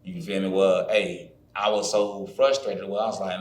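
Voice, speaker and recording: A man's voice: sits low, little pitch movement, normal speed, hardly any pauses, a little hiss or hum. A man from Florida, a trainer reflecting openly in casual podcast talk, often checking in with his listener. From Florida, USA. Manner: reflective, keeps saying "you feel me". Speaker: podcast guest, fitness trainer. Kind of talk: casual conversation. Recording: roomy echo.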